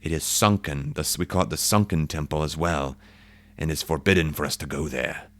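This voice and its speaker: A man voicing a proud, stern male feline alien guide who speaks in a slow, solemn and haughty way. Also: extremely low pitch, fairly bright tone, pitched below the performer's own voice.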